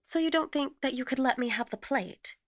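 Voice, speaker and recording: Woman playing a brisk, cheerful visiting lady. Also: very animated, a bit bright, no echo, clean studio sound. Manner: brisk and insistent, high and emphatic. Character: brisk, cheerful, practical middle-aged English lady.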